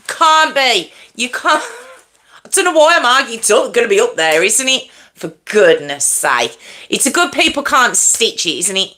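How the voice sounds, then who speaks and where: Bright, chatty woman livestreaming. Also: fairly high pitch, sing-song, unhurried. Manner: chatty, self-mocking, laughs often. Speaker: livestream host. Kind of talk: casual live chat with viewers. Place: at home with a fan nearby.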